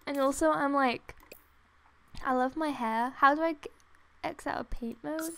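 Young woman gamer, high gravelly voice, unhurried, gushing and gasping over a game. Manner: gushing, gasping and laughing, near tears with excitement. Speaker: gaming vlogger. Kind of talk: excited gameplay commentary. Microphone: desktop USB microphone.

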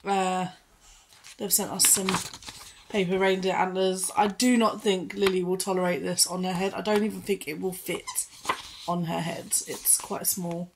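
A woman pet vlogger unboxes dog treats at home, chatting casually, reading ingredient lists aloud, and giving her dog short commands as she trains it, all recorded on a phone. Her voice is lowish with a flat delivery at normal speed, and there's background noise.

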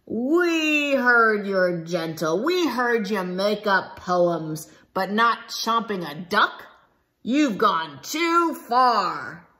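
Lady doing mean growly lions from a picture book, slow and stern. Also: medium pitch, big pitch swings, pushed and bright, exaggerated voice. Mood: menacing. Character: pack of fierce growling lions, menacing.

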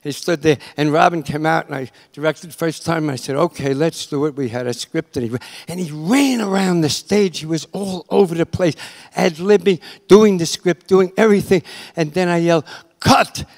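A man's voice: fairly high pitch, normal speed. Older man telling show-business anecdotes. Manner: animated, acts out quoted voices. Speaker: guest, TV writer-director. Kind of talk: anecdotal storytelling.

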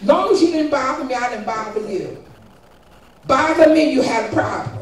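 Older woman, fervent emphatic testimony, high voice, distant mic, echoey church, faint music. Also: expressive, normal speed. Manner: fervent, emphatic, keeps asking "guess what". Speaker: congregant giving testimony. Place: church sanctuary. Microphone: distant room mic.

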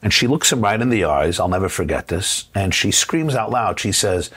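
Lively low-voiced rabbi telling a story. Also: male voice, breathy edge. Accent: New York. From United States. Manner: animated storyteller, acts out quoted voices, quick bursts then slow. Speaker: rabbi, interview guest. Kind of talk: storytelling in a TV interview.

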